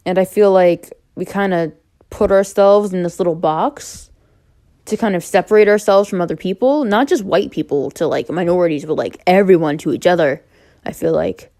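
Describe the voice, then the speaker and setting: Mellow-voiced young woman vlogging candidly. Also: lowish voice, normal speed. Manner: rambling, frequent fillers, candid. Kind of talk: unscripted personal talk to camera.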